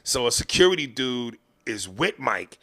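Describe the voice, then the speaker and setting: A man hosting a podcast, spinning comic stories with lots of swearing and acting out the characters in them. His voice is gravelly, with a bright, forceful edge. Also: mid-range voice, normal speed. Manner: animated, profane, acts out the people in his stories. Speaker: podcast host. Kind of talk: comedic storytelling.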